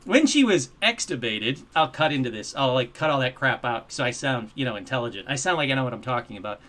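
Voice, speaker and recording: A man hosting a live call-in show, chatting casually and excitedly, poking fun at himself. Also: mid-range voice, quick pace. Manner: animated, self-mocking, easily excited. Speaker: host.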